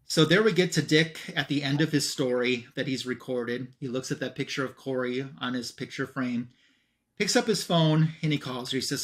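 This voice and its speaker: A man's voice: mid-range voice, moderate pace, fairly bright tone. A man co-hosting an online show, casually retelling a comic book plot and quoting the characters in an offhand way. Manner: retells scenes with "he's like" quotes. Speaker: co-host.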